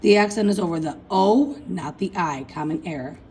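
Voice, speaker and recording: A woman's voice: fairly low pitch, moderate pace, warm tone, breathy edge, poor audio. A woman teaching a recorded class lesson, chanting verb endings aloud and addressing her students as folks. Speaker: Spanish teacher.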